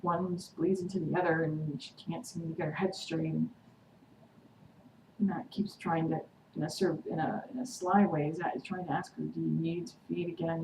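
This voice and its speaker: A woman vlogger chatting through a TV episode recap, excitedly acting out the characters' quotes. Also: fairly low pitch, gravelly. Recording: echoey room, distant mic, noisy.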